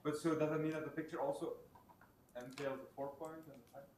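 A man's voice: fairly high pitch, fairly even intonation, a little fast, a little mellow. A man in the audience asking a lecturer a question, hesitant and searching for words. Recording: echoey room, faint hum.

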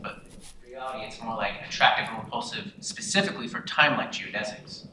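A man asks questions in a physics seminar, stammering and restarting his phrases. He speaks at a middle pitch from far off the mic in a roomy space, with clear background noise. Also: lively intonation, fairly quick. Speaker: student.

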